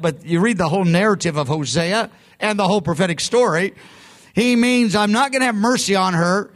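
A man's voice: sits high, fairly bright tone. A man preaching a sermon in a conversational, emphatic way, often breaking off and restarting his sentences. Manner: conversational, emphatic, self-interrupting. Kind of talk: sermon teaching.

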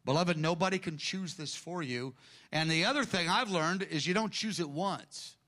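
A man preaching a sermon in a conversational, animated way, often acting out quoted speech. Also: on the high side, moderate pace.

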